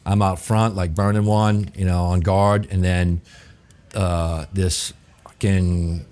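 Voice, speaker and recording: Middle-aged male guest from New Orleans with a very low voice; casual, salty storyteller who plays out the dialogue he quotes. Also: takes it slowly. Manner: profane, animated, acts out quoted exchanges. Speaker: guest chef.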